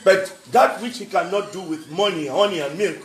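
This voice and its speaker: A man speaking in gives an earnest public appeal, his voice sitting fairly high. He leans on repeated phrases for emphasis. The sound is echoey, as if picked up by a distant mic in a hall. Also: normal speed, slight background noise. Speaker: speaker at a book launch. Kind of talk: public speech.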